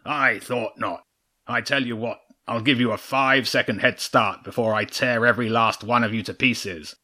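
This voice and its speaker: A man's voice: mid-range voice, steady tone, normal speed, bright, forceful tone. A man voicing a huge, fierce old male badger king who roars and taunts his enemies. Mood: taunting. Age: older. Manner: roaring, taunting, brash.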